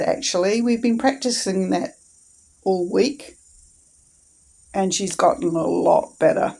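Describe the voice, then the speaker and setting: A woman in a casual instructional vlog, talking calmly and patiently and encouraging her dog as she trains it. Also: medium pitch, takes it slowly, gravelly, long pauses, poor audio.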